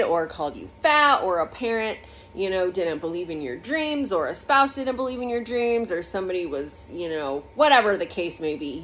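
A woman talking in a casual faith vlog, rambling conversationally with lots of fillers, filmed on a phone in her bathroom. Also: mid-range voice. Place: home bathroom.

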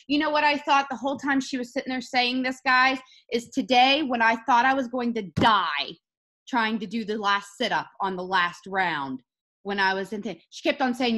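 A woman hosting a video call, giving an energetic, emphatic motivational talk to her team. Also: on the high side, normal speed. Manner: energetic and emphatic, rising to excited peaks.

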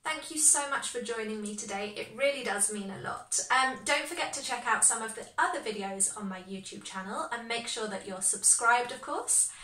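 Teacher lady, bright voice, kinda echoey room, mic a bit far off. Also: on the high side. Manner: slow, clear explanations with example phrases. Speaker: English teacher. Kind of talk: online language lesson.

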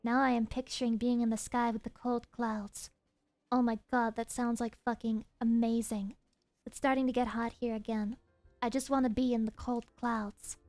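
A young woman with a Southern US accent, chatting casually with viewers while streaming a game, animated and swearing freely. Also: moderate pace, dry recording, soft background music. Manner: animated, swears a lot, jumps between high playful voices and low mutters. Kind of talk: casual live-stream chat while gaming.

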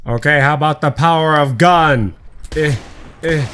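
A man's voice: fairly high pitch, a little slow, fairly bright tone, clear, resonant tone. A young man giving casual gameplay commentary as a YouTuber, crude, joking and rambling, swearing often.

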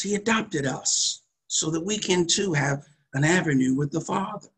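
Husky-voiced man preaching fervently. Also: fairly high pitch, lively intonation, normal speed, fairly bright tone. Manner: fervent preaching with call-and-response and hallelujahs. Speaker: pastor. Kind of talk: sermon.

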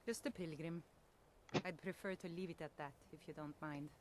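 A woman's voice: sits low, fairly even intonation, normal speed, natural voice. A woman voicing a reserved female pilgrim in a video game, speaking in a guarded, curt way.

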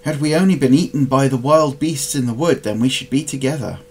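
A man's voice: mid-range voice, fairly quick, a little mellow, slight background noise, lightly acted. A man reading a storybook aloud and voicing a frightened, pleading young girl in a raised voice. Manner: pleading, anxious.

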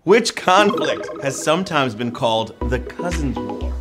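A man hosting a live trivia game show, playful and joking, with loud whoops. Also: medium pitch, big pitch swings, measured pace, music in the background.

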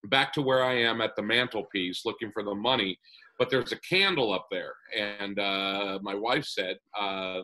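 A man's voice: fairly low pitch, moderate pace, pushed and bright, rough recording. A man casually telling a personal story as a podcast guest, full of "uh" fillers and little chuckles. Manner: rambling with many "uh" fillers and chuckles.

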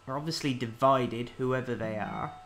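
A man casually commenting on a video game as he plays, reading the on-screen text aloud and thinking out loud. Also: mid-range voice, normal speed. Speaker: let's-play host.

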